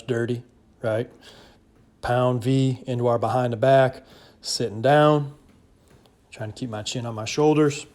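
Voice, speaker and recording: Calm male coach with a flat delivery. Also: mid-range voice. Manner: calm, steady coaching with casual fillers. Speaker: basketball trainer. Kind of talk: voice-over workout instruction. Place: home garage.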